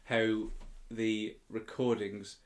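Measured man explaining on a podcast. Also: lowish voice, little pitch movement. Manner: measured, explaining, hesitant fillers. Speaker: podcast co-host. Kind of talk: casual chat.

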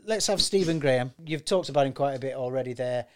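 Picture a man co-hosting a podcast and keeping things loud and playful. He jokes, swears and laughs easily as he chats with friends, talking at an ordinary middle pitch. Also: fast talker. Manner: jokey and boisterous, swears and laughs often. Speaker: podcast co-host. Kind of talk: casual chat.

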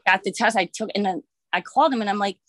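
A woman's voice: medium pitch, fast, fairly bright tone, no echo. Brief: thirties woman, loose candid storyteller, filler-heavy, dry close sound. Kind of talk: casual storytelling.

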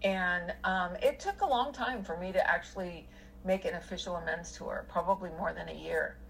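A woman's voice: lowish voice, normal speed, creaky, a bit bright, a little hiss or hum, rough recording. A middle-aged woman telling a personal story in casual conversation, rambling with many fillers and restarts.

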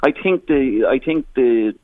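A man's voice: medium pitch, animated, a little slow, dry recording. An Irish man, a charity founder, telling stories in a radio interview with many restarts and some emotion. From Ireland. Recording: tinny phone line.

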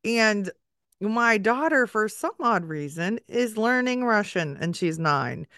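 A woman hosts a podcast interview in a smooth, clear voice that sounds dry and close. She is chatty and enthusiastic, quick to react to what her guest says. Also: medium pitch, big pitch swings, a bit bright, dry recording. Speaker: podcast host.

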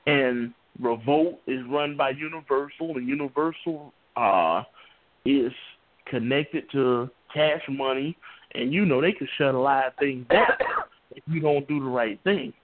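Man, rambling, halting speech, mid pitch, tinny lo-fi audio. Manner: rambling, halting, repeats himself. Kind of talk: casual panel talk. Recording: phone-like lo-fi audio.

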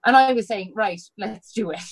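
A woman's voice: on the high side, normal speed, poor audio. A woman with a Cork Irish accent, a podcast guest animatedly telling a story in casual chat, swearing freely and acting out both sides of the dialogue.

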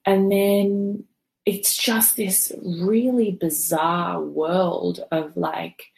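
A woman with a deep, creaky voice tells her own story to an interviewer. She is candid and emotional and swears freely. She rambles through fillers and restarts as she goes. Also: flat delivery, extremely slow, a little mellow. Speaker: podcast guest telling her birth story.

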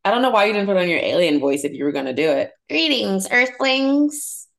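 A woman's voice: low voice, expressive, rapid-fire, gravelly. A woman co-hosting a casual podcast, bantering with her co-host and laughing along. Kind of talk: casual chat.

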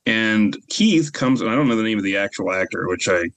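A man on a podcast, speaking haltingly as he searches for words in casual chat. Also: on the low side, lively intonation, a bit bright. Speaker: podcast co-host and voice actor.

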